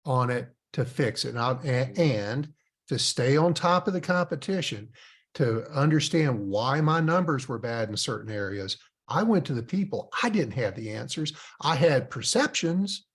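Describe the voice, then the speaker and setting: This is a middle-aged man hosting a business podcast. He talks bluntly and with emphasis, and he lets a mild curse slip in now and then. His voice sits at an everyday pitch. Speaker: podcast host.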